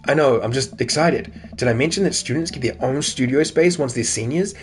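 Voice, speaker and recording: An eager, chatty teenage girl from a video game, read aloud by a man. She speaks at a mid pitch, with cheerful excitement in every sentence. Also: brisk, faint music behind, close to an everyday voice. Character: enthusiastic teenage daughter, cheerful.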